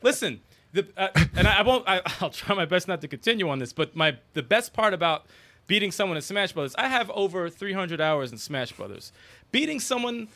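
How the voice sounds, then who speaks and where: Bright, lively man, animated, swearing, casual gaming banter. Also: high voice, brisk. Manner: animated, swearing, laughs often.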